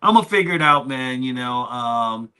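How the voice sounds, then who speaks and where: A man's voice: medium pitch, animated, normal speed, sharp tone, clear, resonant tone. A man co-hosting a live stream, talking candidly in a rambling, conversational way. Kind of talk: casual live stream chat.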